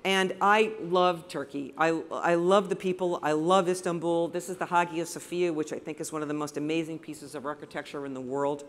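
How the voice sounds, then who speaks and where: A woman's voice: deep voice, fairly even intonation, a little fast, few pauses. A woman from the United States, a photographer giving an enthusiastic, anecdotal slide presentation to a live audience in a room.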